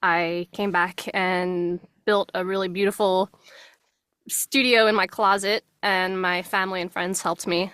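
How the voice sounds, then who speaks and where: A young woman from New Jersey with a subtle New Jersey accent, a voice actress chatting casually as an interview guest from her home closet studio, friendly and quick to laugh. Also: lowish voice, little pitch movement, fairly bright tone, clear, resonant tone, no room sound.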